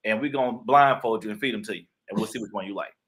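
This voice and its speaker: A man with a low voice chats casually in an interview. He is a playful storyteller who keeps acting out what other people said. He sounds like a young adult. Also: racing, a bit bright, a little hiss or hum. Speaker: guest author and actor.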